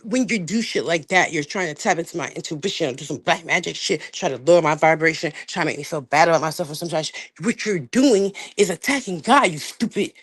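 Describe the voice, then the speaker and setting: A woman hosting a livestream in a casual rant, profane and emphatic, dropping to low mutters and rising to loud outbursts. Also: fast talker, hardly any pauses, husky, dry recording. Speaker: livestream host.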